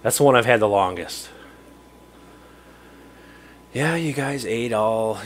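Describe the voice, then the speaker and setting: A chatty middle-aged man hosts a relaxed livestream from his home fishroom. He rambles through viewer messages and laughs easily. His pitch sits squarely in the ordinary middle range. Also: slow, pauses often, a little hiss or hum. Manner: rambling and chatty, answering viewer chat and chuckling. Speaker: livestream host. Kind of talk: casual livestream chat.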